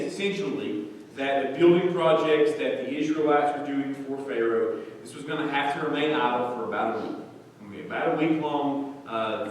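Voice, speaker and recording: A man's voice: medium pitch, a little hiss or hum. A man leading a Bible study in a church, talking conversationally and quizzing the congregation with frequent "okay?" checks. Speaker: Bible teacher. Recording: echoey church hall, mic far off.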